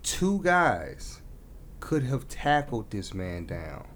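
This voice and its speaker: A man's voice: mid-range voice, sing-song, takes it slowly, a little hiss or hum. A man talking earnestly in a casual discussion, building to emotional emphasis as he makes his point.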